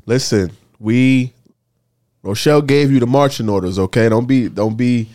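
A man's voice: medium pitch, moderate pace. Guy hosting a chat show, super informal, cheering his guest on, mid-range voice. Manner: informal, encouraging, lively interjections. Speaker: podcast host. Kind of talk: casual interview chat.

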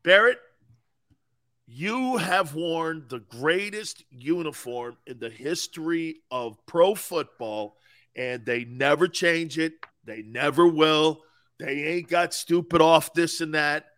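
A man from New England co-hosts a sports talk show, talking bluntly and with a salty edge. His voice sits high and rings bright. He keeps the chat animated and opinionated. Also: slow. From New England, USA. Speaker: sports radio co-host.

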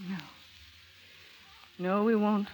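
A woman's voice: mid-range voice, little pitch movement, extremely slow, darkish tone, slight background noise, poor audio. An actress playing a bitter, defiant young woman confessing a shameful past, in a blunt, slangy, scornful way. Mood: pained. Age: young adult. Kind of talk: dramatic acting.

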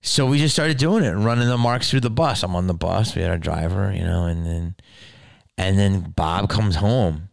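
A man hosting a podcast, telling a story in a casual, animated way with lots of swearing and laughing. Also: low-pitched, moderate pace, creaky, no echo, clean studio sound. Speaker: podcast host.

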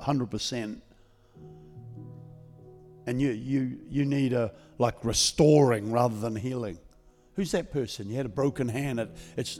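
A man preaching as a guest pastor, speaking calmly and conversationally instead of shouting, leading a healing prayer in a church service. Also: mid-range voice. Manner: calm, conversational, not yelling. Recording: long church reverb.

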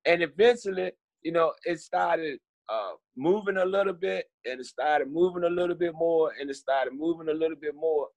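A man's voice: fairly high pitch, creaky, no echo. Man from telling his story. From Richmond, Virginia. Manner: halting, repeats words, acts out quoted voices. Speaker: guest. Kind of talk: storytelling interview.

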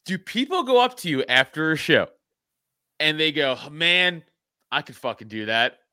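Podcast host, male, thirties, high bright voice, lively and profane, dry close mic. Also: moderate pace, smooth, dry recording. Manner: animated, profane, laughing storyteller. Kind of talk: casual chat.

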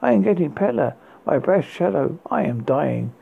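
A man hosting a horror podcast, reading his story in a halting way with restarts, on a tinny lo-fi recording. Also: on the high side, very animated, creaky, husky. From United Kingdom. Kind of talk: read horror story narration. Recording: tinny phone-like lo-fi sound.

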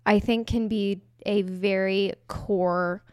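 A woman's voice: mid-range voice, steady tone, slow, darkish tone, clean tone, dry recording, studio quality. A woman in her thirties co-hosting a podcast, giving relationship advice in a chatty, casual way full of fillers. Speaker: podcast co-host. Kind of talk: casual chat.

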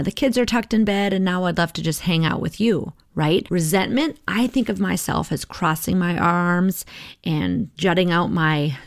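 A woman's voice: on the low side, gravelly, no echo, studio quality. A middle-aged woman coach speaking in a conversational, reflective podcast monologue, often checking in with "right?".

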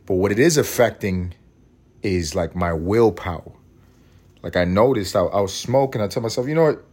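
Thirties male podcaster, lowish voice, profane self-mocking rambler. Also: normal speed, a little mellow, breathy edge. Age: 30s. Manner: cranky, scattered. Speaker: podcast host. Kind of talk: casual solo podcast rant.

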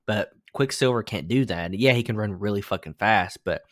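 A man's voice: on the low side, normal speed, a bit bright, dry recording, clean studio sound. A young man co-hosting a podcast, talking in a loose, rambling way and swearing casually. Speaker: podcast co-host. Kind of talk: casual chat.

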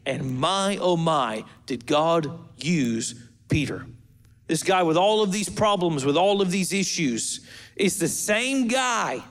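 A man preaching a sermon as pastor, in a humorous, conversational way with asides to the congregation. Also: sits high.

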